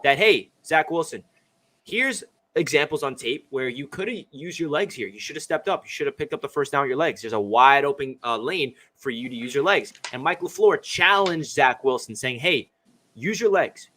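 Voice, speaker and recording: A man hosting a casual sports chat, excitable and quick-talking. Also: on the high side, a little hiss or hum. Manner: excitable, talks fast. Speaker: podcast host.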